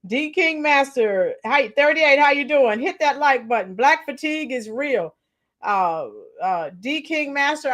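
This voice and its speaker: Chatty female reaction-stream host with a high voice who talks straight to her chat. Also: fairly bright tone. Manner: chatty, greets chat viewers by name. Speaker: livestream host. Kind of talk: casual reaction livestream.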